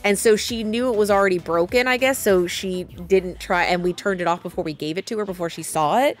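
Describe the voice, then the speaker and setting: A woman's voice: medium pitch, brisk, faint music behind. A woman in her thirties, a streamer chatting casually and rambling through stories with frequent restarts. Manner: rambling, chatty, self-interrupting. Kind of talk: casual chat.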